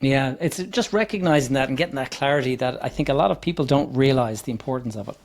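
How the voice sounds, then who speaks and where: Male podcast host, reflective, short follow-up questions, mid-pitched voice. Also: fast. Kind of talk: conversational podcast interview.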